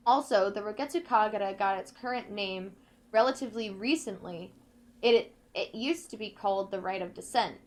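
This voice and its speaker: Reading notes from a video game, a female let's play gamer speaks slowly and deliberately in a mid-range voice. She pauses occasionally to add her own remarks.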